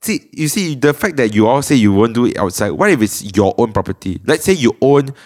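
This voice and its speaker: A man's voice: mid-range voice, sing-song, a little fast. A man with a Malaysian English accent in casual podcast chat, posing questions and setting up hypotheticals. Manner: probing, sets up hypotheticals.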